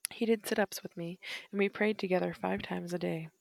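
A woman narrating a first-person memoir in a measured, reflective reading style. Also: on the low side, steady tone, vocal fry, a little mellow, no room sound.

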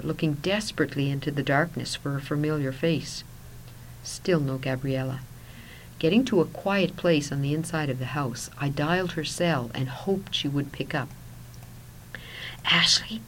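A woman narrating a first-person story in a soft voice that at times drops to a whisper. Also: low-pitched, a little hiss or hum, rough recording.

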